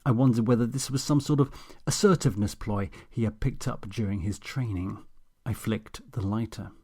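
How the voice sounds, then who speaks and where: A man's voice: fairly low pitch, normal speed, dark tone, breathy edge. A man reading a comic audiobook in a dry, sardonic, self-mocking way. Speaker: audiobook narrator.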